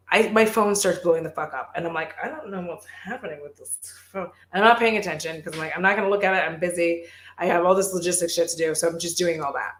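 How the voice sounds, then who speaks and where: A woman's voice: lowish voice, fairly bright tone, echoey room. A woman who makes beauty videos, chatting casually on a livestream and telling stories full of swearing and "like". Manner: profane, rambling storytelling with lots of "like". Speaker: beauty youtuber.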